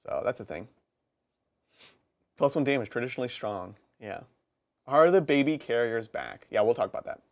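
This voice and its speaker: A man co-hosting a live stream, chatting casually and quickly about tabletop game rules, with laughs and quick asides. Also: mid-range voice, expressive, gravelly, highs cut off. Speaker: co-host of a tabletop gaming stream.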